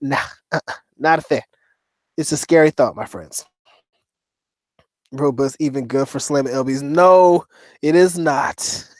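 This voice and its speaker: Joking, cursing man with a higher voice. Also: darkish tone, no echo. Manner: profane, joking, laughs often. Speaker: host reading live chat. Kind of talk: casual livestream chat.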